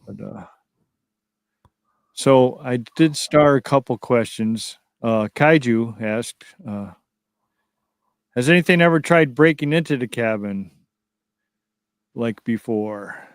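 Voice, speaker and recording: Male radio host, mid-pitched, easygoing; reads listener questions. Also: takes it slowly, pauses often, clear, resonant tone, no echo. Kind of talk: talk show interview.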